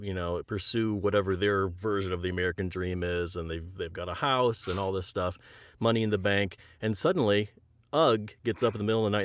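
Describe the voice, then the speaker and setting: Low-voiced man spinning an improvised tale. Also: no room sound, studio quality. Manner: animated, with quick restarts. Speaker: guest author. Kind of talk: improvised comic storytelling. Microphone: video call.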